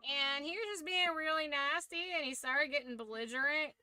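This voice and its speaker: A young woman streamer in casual chat, telling a story in a lively, profane way. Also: high-pitched, moderate pace, dry recording, soft background music.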